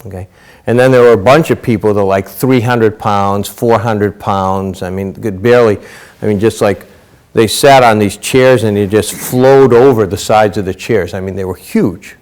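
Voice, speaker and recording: A man's voice: on the low side, moderate pace, a little mellow. Middle-aged male Zen teacher, easygoing storyteller, filler-heavy. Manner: casual storytelling, many fillers. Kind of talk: dharma talk.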